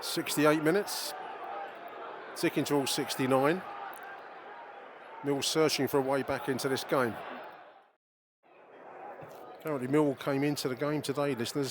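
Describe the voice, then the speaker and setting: A middle-aged man, a podcast host recording casual, opinionated match commentary from the stands, swearing and talking straight to his listeners. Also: medium pitch. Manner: chatty, opinionated, swears, addresses listeners directly. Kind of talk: casual in-stadium football commentary. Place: football stadium stands, outdoors. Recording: noisy crowd stadium recording.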